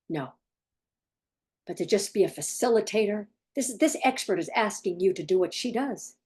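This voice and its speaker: A woman's voice: fairly low pitch, darkish tone, slightly rough. A woman parenting coach giving blunt, emphatic advice straight to the viewer, repeating points for stress. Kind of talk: direct advice monologue.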